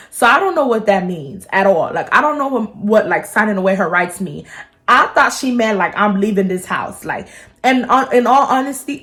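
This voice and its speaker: A woman in her twenties, a vlogger telling a personal story in a chatty, animated way, swearing freely. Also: mid-range voice. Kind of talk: casual storytime vlog.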